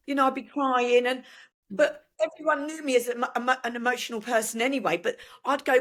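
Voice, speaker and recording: An older woman speaks as a guest in a personal conversation. She talks haltingly, doubling words and leaning on fillers as she searches for what to say. Her voice sits a little high. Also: fairly bright tone. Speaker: podcast guest.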